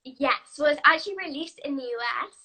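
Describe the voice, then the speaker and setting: A woman's voice: high-pitched, a little fast, sharp tone, low-quality recording. A young woman, an actress, answering interview questions in an eager, upbeat way. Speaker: actress guest.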